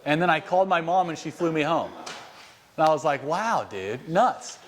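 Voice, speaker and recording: A man from the United States giving a motivational sales training talk to a group of trainees indoors. He speaks bluntly, swears freely, and tells stories with animated energy. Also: on the high side, a little fast. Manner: blunt, profane and animated storytelling. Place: inside a house, addressing a group of trainees.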